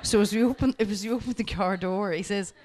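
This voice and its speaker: A woman speaking at a workshop, telling lively stories and coaching her audience directly. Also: mid-range voice, brisk, a faint crowd. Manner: lively anecdotes, acting out both sides of the dialogue. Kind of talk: storytelling lecture.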